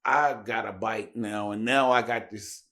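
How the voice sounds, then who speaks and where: A man from Tennessee with a lowish voice and a measured pace tells a story casually as a podcast guest. He's animated, acting out the dialogue and raising his voice for it.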